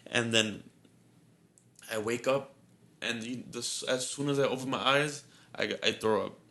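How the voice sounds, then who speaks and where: A man's voice: medium pitch, a little slow, bright, forceful tone. A young man on a podcast telling a story in casual chat, rambling and repeating himself with a lot of "like", sounding shaky and nervous. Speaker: podcast co-host.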